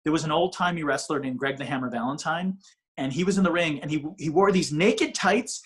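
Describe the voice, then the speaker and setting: Animated man telling a rambling comic story. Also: on the high side, fairly quick. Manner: animated, rambling, self-mocking; frequent restarts, swearing. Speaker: comedian guest. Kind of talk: casual storytelling interview.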